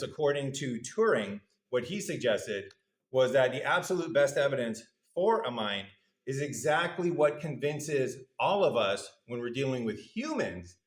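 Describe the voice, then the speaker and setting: A male university lecturer giving a conversational, good-humored lecture, putting questions to the audience in a lecture hall. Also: mid-range voice.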